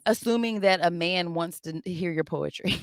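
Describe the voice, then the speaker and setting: A young adult woman co-hosting a casual book club podcast, her voice sitting on the low side. She talks bluntly, swears freely and slips into quick acted-out bits of stories. The sound is dry and close. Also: dry recording. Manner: blunt, profane, animated storytelling. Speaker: podcast co-host.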